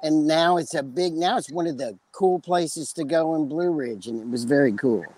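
A man's voice: fairly high pitch, normal speed, darkish tone, no room sound, rough recording. A man with a West Texas accent, chatting casually as a podcast co-host and telling long, joking stories. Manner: rambling storyteller, joking. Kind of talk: casual chat.

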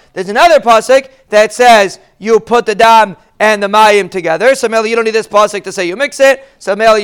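A man's voice: high-pitched, a bit bright, smooth. A man teaching a Talmud lesson, explaining each Hebrew phrase in plain English.

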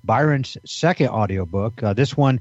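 A man's voice: medium pitch, animated, normal speed, a little mellow, dry recording, dull audio. A man co-hosting a podcast in casual banter, rambling with many fillers and restarts. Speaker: podcast co-host.

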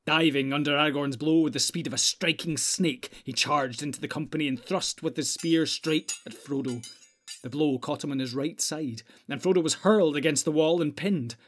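A man narrating a fantasy audiobook in a steady, measured storytelling manner, with a husky voice. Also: on the high side.

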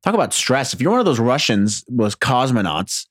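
A man's voice: medium pitch, sing-song, normal speed, husky, dry recording, clean studio sound. Rambling, swearing guy from Jersey. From New Jersey. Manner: rambling, profane, sarcastic, self-deprecating. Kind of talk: casual monologue.

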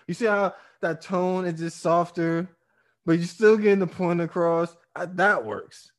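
A man co-hosting a casual chat, telling animated, profane, jokey stories. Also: medium pitch, normal speed.

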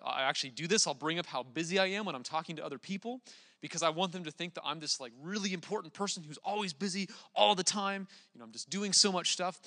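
A young man preaching a relaxed, conversational sermon, with plenty of fillers and restarts. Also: on the high side, in a large hall.

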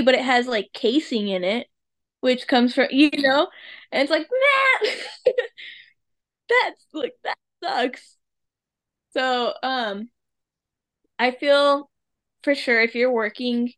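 A woman with a high voice, a guest on a relaxed podcast. She talks in a laid-back way and mocks other people by acting out their lines. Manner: laid-back, acts out quoted people in a mocking tone. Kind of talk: casual chat.

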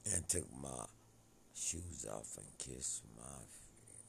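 A man talking in a rambling monologue that drifts between topics, swinging from loud outbursts to low mutters. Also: animated, slow pace, gravelly, breathy edge.

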